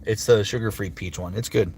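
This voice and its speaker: A man's voice: fairly low pitch, fairly even intonation, vocal fry, darkish tone, slight background noise. A man who works as a voice actor, chatting casually on a livestream and answering viewer comments with upbeat energy. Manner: chatty and upbeat, with frequent fillers and quick impressions. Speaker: voice actor streamer.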